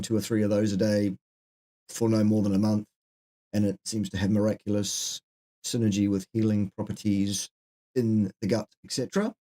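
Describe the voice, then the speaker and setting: A man's voice: fairly low pitch, mellow. A middle-aged man co-hosting a live question-and-answer chat, who gives dry, joking answers and drifts into asides. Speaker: co-host answering viewer questions.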